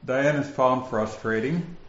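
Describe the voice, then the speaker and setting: A man with a northern Minnesota accent teaches scripture at an unhurried, deliberate pace. His speech is flat, and even his questions land like statements. The room is roomy and the sound slightly dull. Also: mid-range voice, slight background noise. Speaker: Bible teacher. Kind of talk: relaxed Bible teaching.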